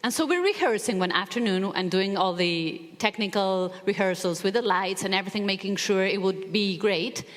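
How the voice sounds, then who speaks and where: A woman's voice: medium pitch, moderate pace, hardly any pauses. A woman motivational speaker telling a personal story to an audience, acting out the voices in it. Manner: animated, acts out quoted voices. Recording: long hall reverb.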